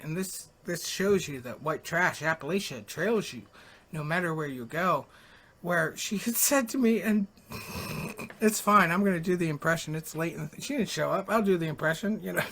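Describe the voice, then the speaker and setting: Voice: mid-range voice, fairly bright tone, slight background noise. A late-night radio host in casual live talk, with a voice in the middle range. The delivery is rambling and frank, and casual swearing comes in easily.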